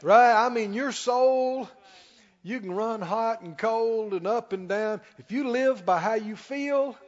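A man preaching a sermon as pastor, emphatic, slowing down and rising on key lines. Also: extremely high pitch. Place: church sanctuary. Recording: dull sound with long hall reverb.

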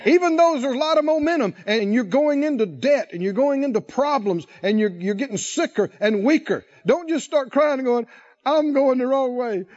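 Male preacher, high and animated, calls out to the congregation, muffled lo-fi sound. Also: normal speed, hardly any pauses. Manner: rousing, calls to the congregation, laughs often. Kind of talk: sermon.

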